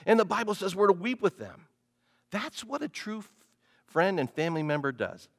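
A male pastor preaching a sermon, animated, often putting questions to the congregation. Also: sits high, moderate pace, gravelly.

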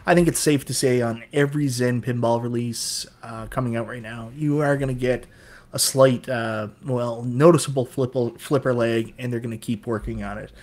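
A man with a strong Newfoundland accent chats casually as a co-host on a hobby podcast. He talks in an easygoing, joking way and pokes fun at himself. His voice sits at a middling pitch. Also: steady tone, moderate pace, darkish tone. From Newfoundland, Canada. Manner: chatty, joking, self-deprecating.

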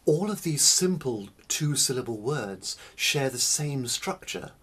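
Male music teacher, breathy, unhurried, deliberate delivery with stressed single words. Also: mid-range voice, lively intonation, a bit bright. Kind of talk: spoken lecture on music.

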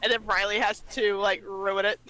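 A woman's voice: mid-range voice, flat delivery, moderate pace, bright, forceful tone. A woman hosting a let's-play stream, chatting casually in a giggly, teasing way. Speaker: streamer host.

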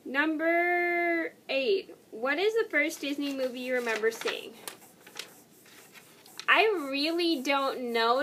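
Young woman, high-pitched, tired, rambling casual vlog chat. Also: a bit bright. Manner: rambling, self-correcting, chatty. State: tired and yawning. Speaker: YouTuber. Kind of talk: casual vlog answering tag questions.

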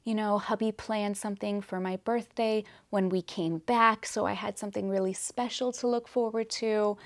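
A woman's voice: mid-range voice, steady tone, moderate pace, no room sound, studio quality. A woman vlogging to camera in a casual, upbeat and rambling way. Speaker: lifestyle vlogger. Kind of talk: casual chatty vlog to camera.

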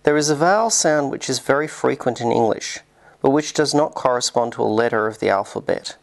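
A man narrating a scripted linguistics lesson in a measured, explanatory way. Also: mid-range voice, creaky. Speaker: linguistics lecturer.

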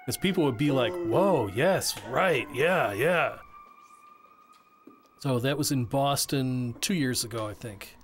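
A man voicing a signer's interview answers as interpreter, halting with frequent restarts and repeated words. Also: medium pitch, slight background noise.

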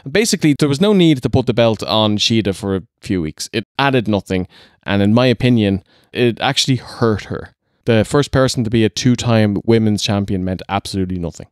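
A man's voice: fairly low pitch, lively intonation, a little fast, no echo, clean studio sound. A young Irish man co-hosting a wrestling podcast, giving firm opinions and laughing easily. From Ireland. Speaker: podcast co-host. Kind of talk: casual wrestling review.

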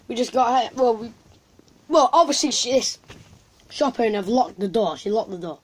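A woman's voice: a little high, expressive, moderate pace, breathy edge. A woman, casually telling a story to camera in a rambling way with lots of fillers and restarts.

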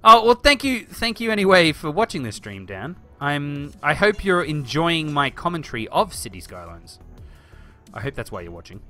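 A man live-streaming a city-building game, chatting excitably and reading viewer comments aloud. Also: on the high side, moderate pace, faint music behind.

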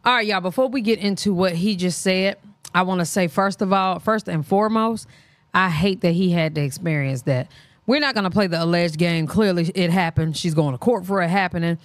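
A woman's voice: lowish voice, brisk, no echo. A woman hosting a reaction channel, giving casual, blunt, opinionated commentary.

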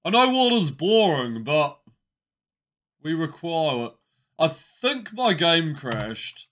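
A man's voice: fairly high pitch, sing-song, takes it slowly, a bit bright. A man casually commenting while he plays a game live, with wry, chatty reactions. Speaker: game streamer.

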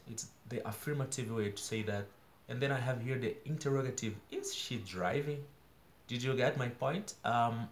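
A man from São Paulo with a Brazilian Portuguese accent, a native Portuguese speaker, earnestly practising English in a daily video and explaining grammar slowly with examples. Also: medium pitch, echoey room, a little hiss or hum. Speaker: English learner vlogger.

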